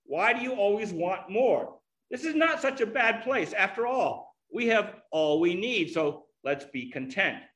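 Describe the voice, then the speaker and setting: A man's voice: sits high, animated, unhurried, hardly any pauses, low-quality recording. A man doing an indignant stubborn boy twin. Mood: angry. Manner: shouting, indignant.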